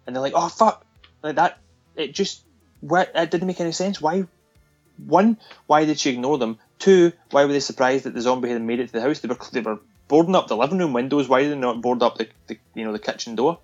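A man excitedly recounting a zombie film's scenes and dropping into the characters' voices as he goes. The audio is a bit dull and lo-fi, with faint music underneath. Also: mid-range voice, fast. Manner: animated retelling with laughs, acting out lines. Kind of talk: casual film discussion.

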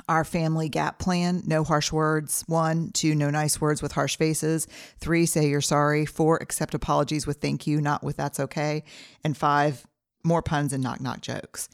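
A woman's voice: deep voice, no room sound, clean studio sound. A middle-aged woman hosting her own podcast, talking earnestly and personally as she walks through a numbered family plan with stories from home. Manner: earnest, personal, listing steps with anecdotes. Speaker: podcast host. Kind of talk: reflective solo podcast talk.

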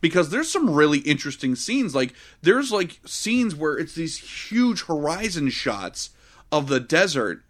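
Excitable, profane man reviewing a movie. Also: a little high, a little slow. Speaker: podcast co-host. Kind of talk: casual movie review chat.

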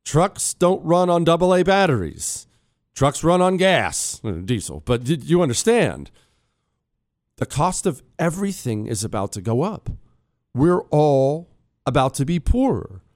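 A man's voice: on the high side, sing-song, measured pace, darkish tone, dry recording, clean studio sound. A man hosting a talk radio show, speaking in a blunt, sarcastic, conversational way while losing his voice. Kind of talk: opinionated talk radio monologue. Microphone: studio microphone.

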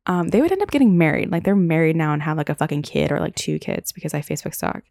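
This young woman's voice is deep, gravelly, a little mellow, very animated and fast, captured in clean studio sound without room echo. Hosting her own podcast, she rambles casually through stories, peppered with frequent "like"s and "um"s.

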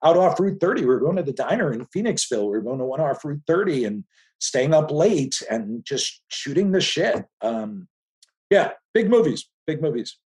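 A man in his fifties from the Philadelphia area, a filmmaker guest telling stories in casual conversation with animated restarts. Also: a little high, moderate pace. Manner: animated storytelling with frequent restarts.

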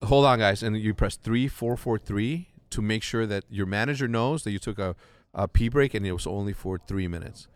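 Animated storytelling man, dry sound. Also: lowish voice, moderate pace, clean tone, no echo. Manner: animated storyteller, acts out quotes, heavy swearing. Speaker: podcast host. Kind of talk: casual podcast chat.

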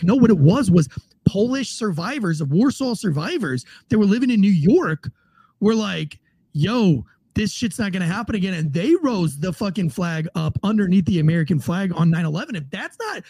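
A man hosting a casual political podcast, telling stories in a profane, rambling, excitable way. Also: sits high, slightly rough, dry recording. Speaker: podcast host.

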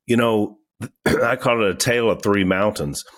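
A man hosting a podcast, retelling a Bible story in a steady, casual way. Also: lowish voice, moderate pace. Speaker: podcast host, reads the ad. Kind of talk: ad read and casual Bible chat.

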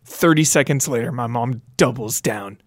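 A man's voice: medium pitch, moderate pace, no echo, clean studio sound. A man in casual podcast chat, telling stories in a laid-back way and swearing casually.

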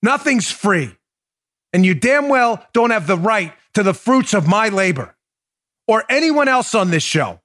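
Brief: middle-aged male talk host, blunt, profane, repetitive ranting, pitch up high and all over the place. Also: sing-song, unhurried, a bit bright. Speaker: political podcast host. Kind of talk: ranting political commentary.

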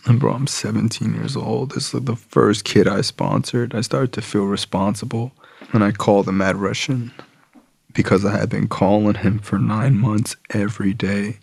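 A man's voice: fairly low pitch, fairly even intonation, normal speed, creaky, darkish tone, slightly rough, dry recording. A man casually telling his recovery story, slangy and profane, full of "like" and "bro".

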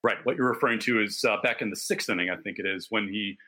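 A man's voice: on the low side, fast talker, bright, forceful tone, husky. A man co-hosting a casual sports podcast, telling stories in detail and backing them with statistics. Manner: detailed, enthusiastic storytelling with stats. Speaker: podcast co-host.

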